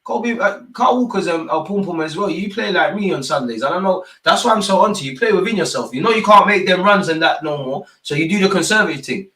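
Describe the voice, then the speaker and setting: A lively man commentating a football match live from home, his voice swinging wildly from low grumbles to yelps. He talks in a slightly raised register, swears often and shouts at the players and referee in heavy street slang. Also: fast, few pauses, breathy edge. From England. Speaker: football watchalong host.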